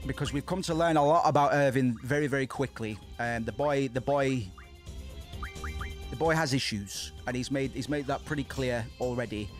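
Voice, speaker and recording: A man streaming himself playing a video game, chatting excitedly into a desk microphone, swearing and restarting his sentences. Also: medium pitch, moderate pace, soft background music. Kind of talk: casual let's-play commentary.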